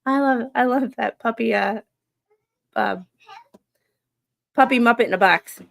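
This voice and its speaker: A woman hosting a casual late-night live stream at home, chatting with her viewers and reacting to stories, laid-back and quick to laugh. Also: fairly high pitch, vocal fry. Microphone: streaming microphone.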